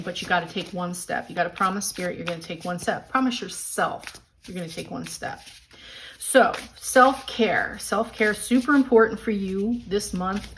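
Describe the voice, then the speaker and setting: A woman's voice: medium pitch, a bit bright, a little hiss or hum. Upbeat woman giving a tarot reading. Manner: upbeat and encouraging, addresses viewers directly. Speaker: tarot reader.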